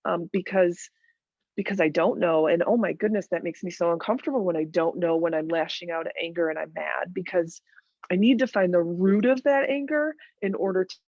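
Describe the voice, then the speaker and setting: Earnest woman, low voice, muffled mic. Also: brisk, darkish tone, no echo. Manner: earnest, emphatic, repeats phrases for weight. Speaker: podcast guest. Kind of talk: candid conversational interview.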